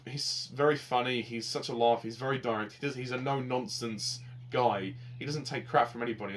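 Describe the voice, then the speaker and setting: Passionate, rambling man reviewing a show. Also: medium pitch. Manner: passionate and rambling, swings from heated to soft. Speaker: TV series reviewer. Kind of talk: casual spoken review.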